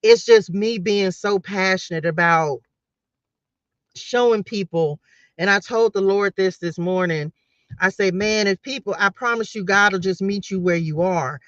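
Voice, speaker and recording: A man's voice: high voice, a little slow, a bit bright, no echo. A man hosting a casual live spiritual talk, passionate and emotional, close to tears, often restarting and repeating phrases. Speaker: host giving a spiritual message. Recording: dull lo-fi dry sound.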